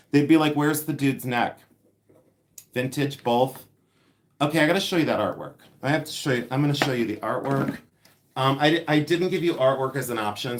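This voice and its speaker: A man chatting casually on a live stream as he unboxes vintage finds, talking in a chatty, excitable and self-mocking way. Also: fairly high pitch, a little hiss or hum. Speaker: live-stream antiques reseller. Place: indoors among boxes of haul. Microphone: device.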